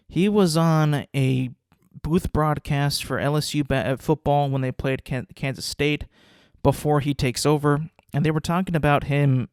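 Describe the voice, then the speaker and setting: A man's voice: a little high, a little mellow, dry recording, clean studio sound. A young man hosting a podcast, ranting casually about sports, rambling and repeating words as he restarts sentences. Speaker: podcast host.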